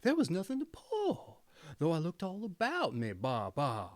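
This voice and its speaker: A spiteful storybook she-goat, put on by a man with a bleating, high voice. She whines and wheedles slowly, pitch leaping up and down. The sound is dry and close. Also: huge pitch swings, no echo. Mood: sly whining. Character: lying greedy female goat, bleating. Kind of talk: storybook reading.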